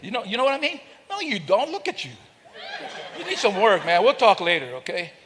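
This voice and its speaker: A man's voice: high voice, sing-song, fairly quick, fairly bright tone, a faint crowd, a little hiss or hum. A man giving a speech at an event, joking with the audience and acting out sounds and voices as he tells stories. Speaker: guest speaker. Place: event hall. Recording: long hall reverb.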